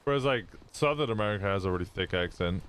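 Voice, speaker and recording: A man with a lowish voice chats casually on a live stream, rambling and swearing freely as he thinks aloud. A faint hiss of noise sits under his voice. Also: lively intonation, quick pace, fairly bright tone.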